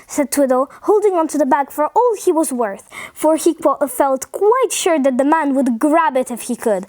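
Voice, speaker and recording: A woman reading a funny children's story aloud, cheerful and expressive. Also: high voice, moderate pace, hardly any pauses, dry recording, clean studio sound. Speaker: storybook reader.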